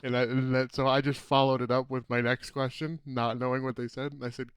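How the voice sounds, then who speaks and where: A man's voice: mid-range voice, level tone, fairly quick, few pauses, clear, resonant tone, dry recording. A man co-hosting a casual podcast, telling a story with lots of restarts, trailing off and laughing. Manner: rambling storyteller, laughs often, trails off mid-sentence. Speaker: podcast co-host. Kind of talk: casual chat.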